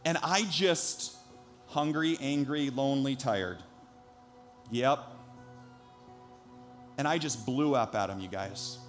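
A man's voice: medium pitch, slow pace, pauses often, faint music behind. A man in his thirties, a pastor preaching a sermon, telling a personal story earnestly before building to emphatic preaching.

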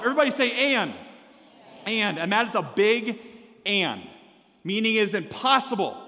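A man preaches with a high, bright-toned voice, swinging from loud calls for the congregation to answer back to low, conversational asides. His voice hangs in a long reverb that fills the church sanctuary. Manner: energetic, leads call-and-response with congregation; shifts between loud exhortation and quiet asides. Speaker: pastor. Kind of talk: sermon.

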